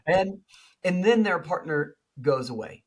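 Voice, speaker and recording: A man co-hosting a relationship podcast, talking in an animated way and acting out what partners say. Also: on the high side, measured pace. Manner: animated, mimics partners in quoted speech. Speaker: podcast co-host, couples expert. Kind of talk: lively conversational explanation with acted quotes.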